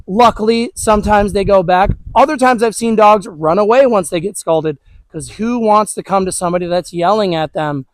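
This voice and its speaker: A man's voice: high voice, no echo, rough recording. A man who trains dogs, talking casually through an outdoor lesson with plenty of fillers. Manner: relaxed, chatty, many fillers like "all right". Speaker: dog trainer. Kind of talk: casual instructional talk.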